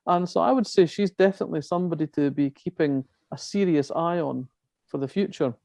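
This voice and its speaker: A woman's voice: deep voice, fairly quick, gravelly, warm tone, no room sound. An older woman from Scotland, a crime novelist, talking in a chatty way with many restarts at an online festival. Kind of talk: festival talk on a video call.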